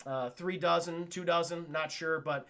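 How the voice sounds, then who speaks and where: A man's voice: on the high side, fairly even intonation, normal speed, bright, forceful tone. A man voicing a smug male cartoon henchman who rambles glibly. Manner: glib, rambling.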